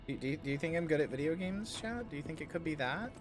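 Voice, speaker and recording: A man's voice: fairly high pitch, animated, fast talker. A game streamer doing casual livestream commentary, playful and rambling, often addressing his chat. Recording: faint music behind.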